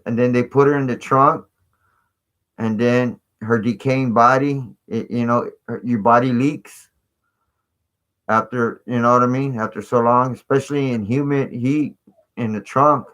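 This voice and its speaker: A man's voice: medium pitch, steady tone, normal speed, a bit bright. A man hosting a live stream, talking in a rambling, casual way full of fillers and asides. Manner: rambling, filler-heavy, conspiratorial chat.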